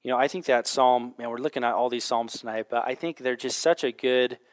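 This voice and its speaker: Male pastor, mid-pitched voice, casual storytelling sermon with Bible reading. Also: fairly even intonation, brisk. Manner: conversational storytelling with frequent fillers.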